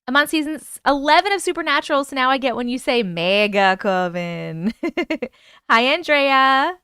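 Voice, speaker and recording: Woman with a New York accent, live stream host, animated chat, clear close-mic sound. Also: sits high, moderate pace, dry recording. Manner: chatty, animated, reads comments aloud. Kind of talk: casual live chat, reading viewer comments.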